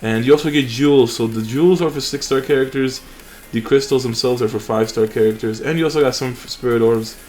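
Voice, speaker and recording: A man's voice: medium pitch, quick pace, hardly any pauses, a little mellow, a little hiss or hum. A young man hosting a mobile game channel, chatting casually and rambling with fillers and restarts over his gameplay.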